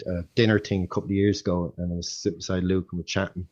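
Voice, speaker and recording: A man's voice: low voice, level tone, rapid-fire, darkish tone, dull audio. A middle-aged Irish man and athletics coach, speaking in a casual interview as a rambling storyteller who restarts his sentences often. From Ireland.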